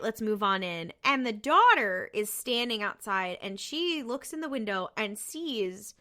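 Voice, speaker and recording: Her voice is a little high, bright and forceful. She's a podcast co-host chatting her way through a TV episode recap, cursing freely and bringing scenes back with quoted character voices.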